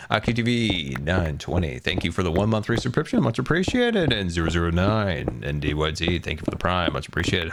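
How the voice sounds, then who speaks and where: A man in his thirties, a Minecraft streamer, chats casually with a friend during a gaming stream. His voice is on the low side, and he banters playfully, now and then slipping into a theatrical tone. Background noise can be heard.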